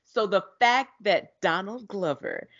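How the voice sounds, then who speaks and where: A woman co-hosting a podcast in casual chat, excitable and slangy, laughing often. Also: mid-range voice, measured pace. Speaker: podcast co-host. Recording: dull lo-fi sound.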